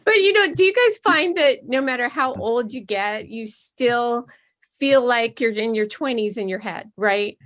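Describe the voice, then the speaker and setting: A woman's voice: a little high, animated, measured pace, a bit bright. A middle-aged woman performing a stand-up comedy set over a video call from home, self-mocking and laughing between jokes. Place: her home.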